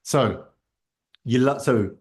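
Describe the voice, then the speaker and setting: A man's voice: mid-range voice, takes it slowly. A man leading a live online masterclass on a video call, explaining ideas in a conversational way and checking in with "right?". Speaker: workshop instructor.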